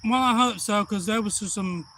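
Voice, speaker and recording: Sweet, blunt old granny, high and bright, chatting away, as a man puts her on. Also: normal speed, a little hiss or hum. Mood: chatty. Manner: raised-pitch folksy chatter.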